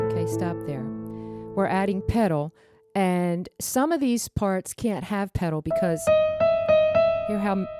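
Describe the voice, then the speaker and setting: Slow-speaking woman piano teacher. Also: medium pitch. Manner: counts and calls out pedal cues over her playing. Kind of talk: piano lesson instruction. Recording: piano music under voice. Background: piano playing.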